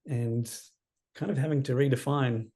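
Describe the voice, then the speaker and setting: A man in his fifties, a counsellor guest on a podcast interview, telling a personal story in an earnest, reflective way that often trails off quietly. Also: medium pitch, steady tone, normal speed. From Australia.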